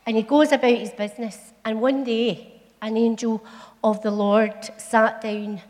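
A middle-aged Scottish woman tells a Bible story to a church as a storytelling sermon, homely, chatty and playful, using local turns of phrase. Her voice is slightly high and darkish, her delivery flat and a little slow. The long echo of a large hall surrounds her.

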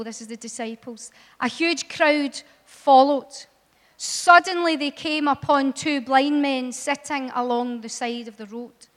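A woman preaching a sermon in a church, impassioned and building to loud, emphatic appeals. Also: high voice. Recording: long hall reverb.

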